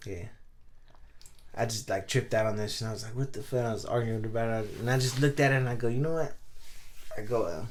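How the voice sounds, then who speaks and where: A young man on a podcast telling a long story in slangy, profane, rambling chat full of fillers. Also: medium pitch. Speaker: podcast co-host.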